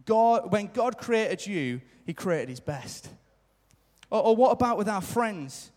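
A high-voiced man delivers an earnest sermon live in a church. His words ring out with a long hall reverb behind them. He stresses his points by repeating them and slips into short quoted remarks. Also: normal speed, darkish tone. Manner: earnest, repetitive emphasis, acts out quoted lines. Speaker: preacher.

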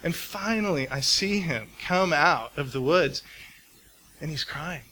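Bright-voiced pastor telling a personal story. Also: male voice, on the high side, lively intonation, measured pace, a little hiss or hum. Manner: conversational storytelling, engages the congregation with questions. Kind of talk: sermon. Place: church hall before a congregation.

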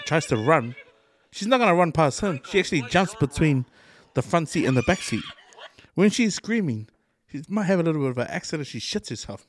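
A man's voice: on the high side, a little hiss or hum. A New man hosting a podcast, telling stories in casual chat with lots of swearing and laughter. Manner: animated storytelling, swears often, laughs mid-sentence. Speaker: podcast host.

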